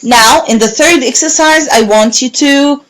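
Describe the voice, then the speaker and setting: A woman teacher giving a recorded English lesson to young pupils, repeating words slowly and clearly. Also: high voice, a bit bright, rough recording. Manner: slow, clear, repeating words and clapping syllables.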